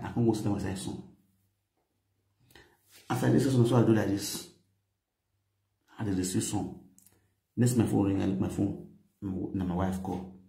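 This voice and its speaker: A man's voice: lowish voice, dark tone, roomy sound. A middle-aged man speaking Nigerian Pidgin English, animatedly telling a story with quoted dialogue and frequent laughter. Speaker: vlogger. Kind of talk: casual storytelling to camera.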